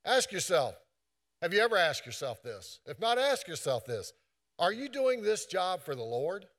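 A man's voice: sits high, very animated, moderate pace, a bit bright. A man preaching a sermon in an earnest, repetitive way, quoting scripture often.

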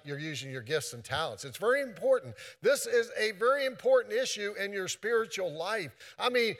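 A man's voice: high-pitched, a bit bright. A man preaching a sermon in an earnest, repetitive way, quoting scripture often.

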